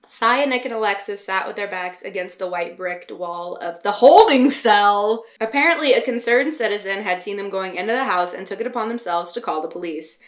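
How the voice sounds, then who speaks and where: A woman reads her own early novel aloud, pausing to mock it in wry asides. Her voice sits at a middle pitch. She moves easily between narration and casual commentary. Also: a bit bright. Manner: wry, self-mocking asides. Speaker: author reading her old novel.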